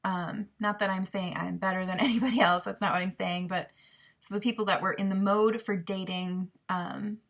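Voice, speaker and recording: A young woman talks straight to her camera in a personal advice vlog. She speaks candidly and with open emotion, laughing softly and filling pauses with ums as she works out what to say. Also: medium pitch, steady tone, vocal fry. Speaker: vlogger.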